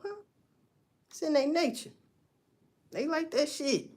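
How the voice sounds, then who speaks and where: A woman's voice: high-pitched, slow pace, a little mellow. A woman hosting a casual livestream, giving blunt, profane commentary and talking straight to her viewers. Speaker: livestream host.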